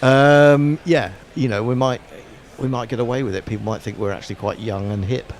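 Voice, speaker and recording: A man's voice: mid-range voice, steady tone, brisk, a little hiss or hum. A middle-aged man chatting as a cricket co-commentator, rambling and self-mocking. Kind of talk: chatty summarising.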